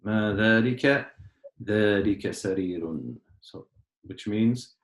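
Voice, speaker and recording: A man teaching a class, patiently explaining words step by step and often clearing his throat. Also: lowish voice, measured pace, roomy sound. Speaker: Arabic teacher. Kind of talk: online class lesson.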